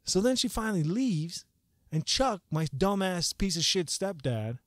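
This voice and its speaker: Animated, swearing man telling a story. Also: sits high, unhurried, no echo, studio quality. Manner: animated, profane, rambling with many "like"s. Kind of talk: casual storytelling vlog.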